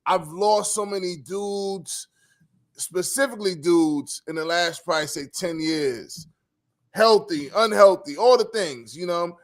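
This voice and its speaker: A high-pitched man hosts a relaxed interview. He talks in loose street slang, laid-back but lively, and his voice sits well above the usual range for a man. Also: a little slow. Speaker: podcast host. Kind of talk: casual conversational interview.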